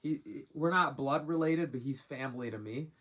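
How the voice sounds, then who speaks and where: A man's voice: medium pitch, normal speed, dull audio, a little hiss or hum. A young man telling a rambling, slang-heavy story from his own life in a casual storytime monologue, cursing freely as he goes. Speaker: vlogger.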